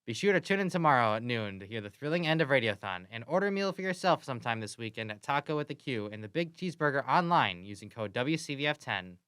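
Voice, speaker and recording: A young man reads the station's announcements at a quick, upbeat clip. His voice comes through smooth and clear. The studio mic is dry and close. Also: medium pitch, sing-song, fairly bright tone, dry recording. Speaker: radio host. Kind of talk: scripted college radio hosting.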